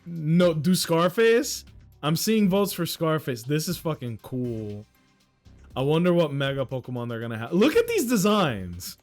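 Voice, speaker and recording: A young man streaming a game, excitable and joking with his chat, swearing freely. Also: fairly high pitch, unhurried, faint music behind. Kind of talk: casual gaming commentary.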